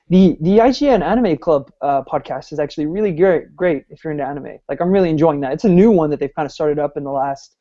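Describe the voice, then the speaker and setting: A man's voice: on the high side, warm tone, muffled recording. A man from Ireland, a guest on a podcast, chatting in a rambling, self-deprecating way with lots of fillers. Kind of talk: casual podcast chat.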